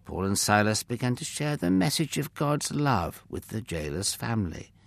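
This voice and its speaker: A man narrating a children's Bible story in an expressive way, sometimes speaking to the listener directly. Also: on the low side, normal speed, vocal fry, dry recording. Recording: dry close mic with faint music.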